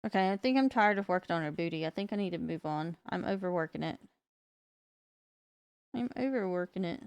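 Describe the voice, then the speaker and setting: A woman's voice: lowish voice, lively intonation, brisk, clear, resonant tone, no room sound. A woman from the United States with a Southern accent, chatting playfully with her live stream audience while she paints. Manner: chatty, playful, self-mocking. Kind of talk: casual chat while painting. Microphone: streaming mic.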